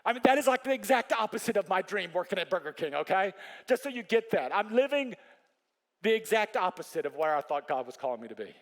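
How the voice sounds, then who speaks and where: Man, pastor, sermon, high voice, animated storytelling. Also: fast. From Texas. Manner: animated storytelling, rising high when emphatic.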